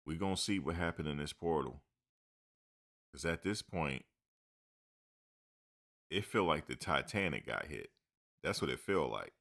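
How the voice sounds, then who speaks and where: Very deep-voiced man hosting sports talk. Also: a little slow, creaky, long pauses. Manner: rambling, animated, joking, with slang. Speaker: sports show host. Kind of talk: casual sports talk commentary.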